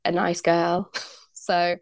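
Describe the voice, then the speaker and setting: A young woman speaks as a podcast guest, recounting events in a chatty, candid way and slipping into the voices of the people she quotes. Her voice sits a little low and has a gravelly fry to it. The recording is close and dry. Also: level tone, slow, no room sound. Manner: chatty, many likes and ums, acts out quoted dialogue. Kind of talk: candid storytelling.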